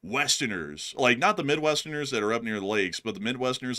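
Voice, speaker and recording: A man with a light Southern American accent, from the US South, speaks fast in a mid-range voice that's expressive and sharp. He hosts a news channel and reads out viewer comments, responding in a rambling, conversational way and calling his audience "folks" and "y'all."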